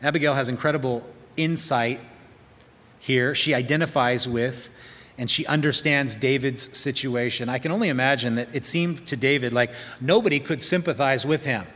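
A man preaching a storytelling sermon at a middle pitch. He drops into a softer voice for quoted lines. His voice rings with a long hall reverb. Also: moderate pace. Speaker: pastor.

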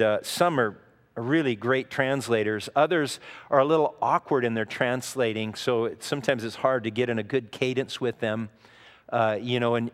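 A man preaching a sermon as a pastor, teaching in an earnest, conversational way with frequent asides. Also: mid-range voice. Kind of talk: expository sermon. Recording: long reverb of a large hall.

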